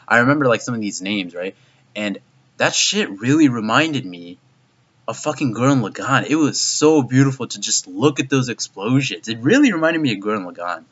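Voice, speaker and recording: Man, low and punchy, excitable reviewer who rambles and swears, recorded on dull gear. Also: moderate pace, breathy edge. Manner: rambling and profane, heavy use of "like"; excitable, voice jumps up in disbelief. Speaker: anime reviewer. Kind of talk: casual video review.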